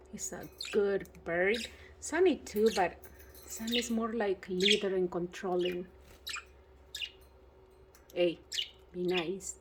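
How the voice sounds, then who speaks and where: This is a casual home vlog about pet budgies, and the birds' chirps come through over the noise. The woman's voice is medium-pitched; she speaks with non-native phrasing, searches for words often, and talks to her birds.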